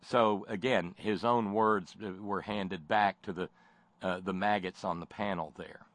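A man's voice: low voice, steady tone, unhurried, no echo. A man giving sardonic spoken commentary, mocking and rambling with many fillers and false starts.

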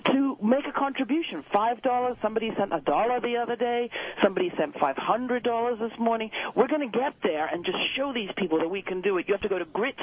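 A woman's voice: fairly high pitch, quick pace, hardly any pauses, husky. A woman appearing as a radio guest, energetically urging listeners to donate to her nonprofit show. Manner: energetic, persuasive. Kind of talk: on-air fundraising appeal. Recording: dull lo-fi broadcast audio.

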